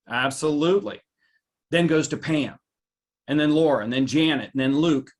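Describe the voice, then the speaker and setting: A man presenting a live webinar, animated, reading out viewers' reactions by name and jumping up in pitch for emphasis. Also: moderate pace. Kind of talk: lively live webinar talk.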